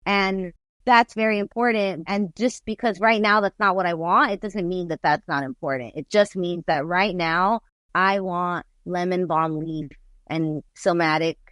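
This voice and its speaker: A woman's voice: on the low side, measured pace, fairly bright tone, no room sound. A woman in her forties, a guest artist and musician, talking candidly and rambling in a casual interview, with lots of "like". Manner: candid, rambling, heavy use of "like".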